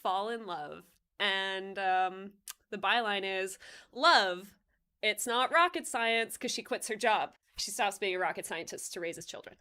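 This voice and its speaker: A woman's voice: mid-range voice, normal speed, fairly bright tone, clear, resonant tone. A woman co-hosting a podcast livestream, chatting playfully and laughing often as she talks. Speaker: podcast co-host. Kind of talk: casual livestream chat.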